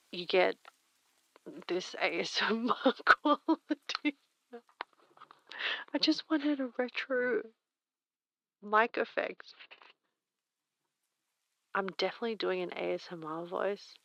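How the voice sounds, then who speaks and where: A young woman streamer chatting softly and reading poems aloud in a breathy, near-whispered voice through a retro telephone-style mic filter. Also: mid-range voice, animated, takes it slowly, pauses often. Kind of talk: casual chat and poetry reading. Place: home streaming room. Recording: filtered lo-fi mic with faint rain.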